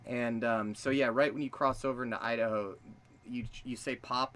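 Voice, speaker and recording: A man's voice: mid-range voice, fairly even intonation, normal speed, crowd noise. A man from Washington State, streaming in casual chat, joking and swearing freely.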